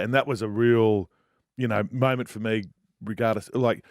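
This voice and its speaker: Blunt Australian ex-footballer pundit. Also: male voice, lowish voice, steady tone, normal speed, no echo, studio quality. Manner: blunt, jokey storyteller. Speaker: former rugby league player, pundit. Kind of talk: radio panel chat.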